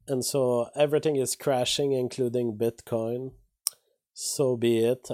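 A man talking through the news in a loose, casual vlog. His voice sits at an ordinary pitch with a mellow, warm tone, and he drifts into offhand asides between the headlines he reads out. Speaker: vlogger reading news. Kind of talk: casual commentary on read-out headlines.

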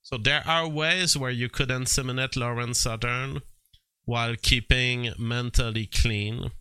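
A man giving casual commentary and reading text aloud from a screen, halting and full of fillers, with bursts of disbelief. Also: medium pitch, steady tone, sharp tone, clean tone, no room sound.

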